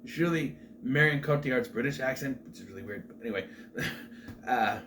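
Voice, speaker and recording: The middle-aged male host of a movie review show speaks at a moderate pace in a mid-range voice, recapping a film loosely with asides and restarts. Faint noise sits in the background.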